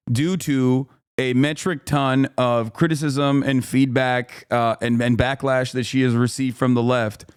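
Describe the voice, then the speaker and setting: A man streaming live, reacting to a clip with animated, indignant commentary, swearing and laughing often. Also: mid-range voice, clear, resonant tone.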